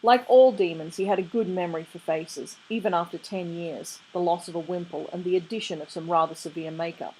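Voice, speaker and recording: A woman reading a novel aloud in a steady storytelling way. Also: fairly low pitch, brisk, hardly any pauses, breathy edge, rough recording. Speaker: reader. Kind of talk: audiobook reading.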